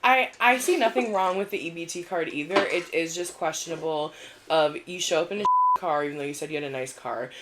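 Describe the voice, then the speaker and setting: A woman co-hosting a podcast, chatting casually and agreeing quickly. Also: lowish voice, heavy background noise. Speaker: podcast co-host. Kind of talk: casual chat.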